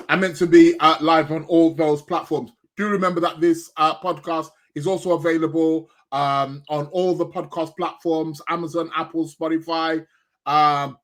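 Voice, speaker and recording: Chatty male host, rambling with fillers, talks while eating, slightly high voice. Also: a bit bright. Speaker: podcast host. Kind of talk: casual live-stream chat.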